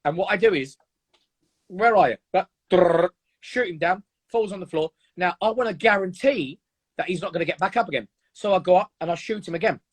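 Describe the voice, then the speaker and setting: A man's voice: high voice, quick pace, slightly rough. A man speaking as a guest in an earnest, emphatic, motivational chat, often repeating words for force.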